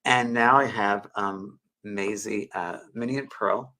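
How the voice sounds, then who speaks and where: A man's voice: lowish voice, unhurried, bright, forceful tone. A man in his sixties, hosting a show and telling a heartfelt personal story in a rambling, emotional way with many restarts, speaking into a webcam. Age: 60s. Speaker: show host.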